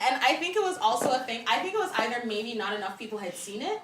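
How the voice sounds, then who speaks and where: A woman co-hosting a podcast in casual chat, lively, with frequent agreeing interjections and laughter. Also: a little high, fast, echoey room, a loud crowd. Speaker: podcast co-host.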